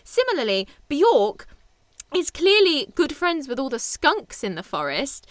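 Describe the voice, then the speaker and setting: A woman co-hosting a casual podcast chat, expressive and laughing often as she explains at length. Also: high-pitched, unhurried, no room sound. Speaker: podcast co-host.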